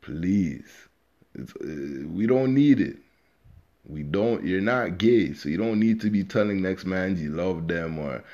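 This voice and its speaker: Low-voiced man hosting a podcast. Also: unhurried, mellow, highs cut off. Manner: loose, slangy, profane, talks straight to listeners. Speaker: podcast host. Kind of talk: casual unscripted podcast monologue.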